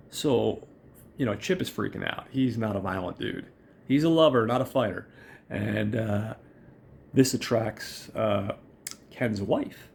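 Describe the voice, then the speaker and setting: A man's voice: on the low side, unhurried, vocal fry, darkish tone, slight background noise. A man hosting a casual show and recapping a film in a chatty, rambling, profane way. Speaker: podcast host.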